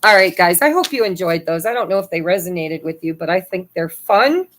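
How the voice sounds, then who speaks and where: A woman's voice: fairly low pitch, expressive, brisk, fairly bright tone, slight background noise. A woman hosting a casual tarot card reading for her viewers, cheeky and laughing often, swearing freely. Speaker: tarot reader.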